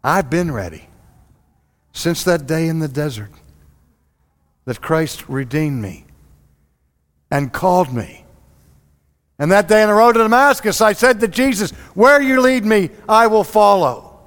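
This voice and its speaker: A man's voice: high voice, animated, a little slow, long pauses, fairly bright tone, voice pushed up. A man voicing an exasperated, resolute male apostle who pleads with his friends in rising exclamations.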